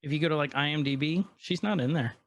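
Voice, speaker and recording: A man's voice: on the high side, quick pace. Chatty man retelling a show. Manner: animated retelling with quoted lines. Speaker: podcast co-host. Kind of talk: casual chat recapping an episode.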